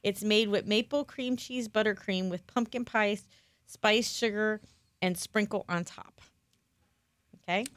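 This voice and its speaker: A woman co-hosts a casual talk show, chatty and quick to laugh. She talks through mouthfuls of cupcake. Her voice sits mid-range and sounds close and dry in a small studio. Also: medium pitch, fairly even intonation, fairly bright tone, dry recording. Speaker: co-host. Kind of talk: casual chat while tasting food.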